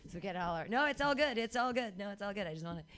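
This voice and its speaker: Bright, upbeat woman emceeing a comedy show. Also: mid-range voice, animated. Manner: upbeat, then mumbles quick asides off mic. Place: comedy club stage.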